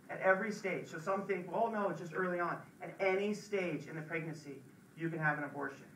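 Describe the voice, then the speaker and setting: A man's voice: high voice, bright, forceful tone, a little hiss or hum. A man giving an earnest talk at a college event, urging his listeners and repeating words for emphasis, recorded from a distance in a room. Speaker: speaker at a campus pro-life talk. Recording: echoey room, distant mic.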